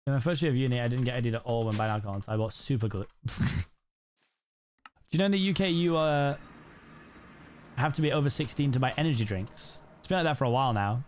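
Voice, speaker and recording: A man's voice: mid-range voice, fast, long pauses, a little hiss or hum. Chatty British man telling stories. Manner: rambling storyteller, peppers talk with "like" and "right?". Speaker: streamer. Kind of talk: casual chat while playing a game.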